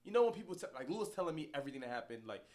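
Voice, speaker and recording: A man's voice: a little high, very fast. A man co-hosting a podcast, telling a story in casual chat and acting out what people said, often laughing. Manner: animated, laughing storyteller who acts out quotes. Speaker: podcast co-host.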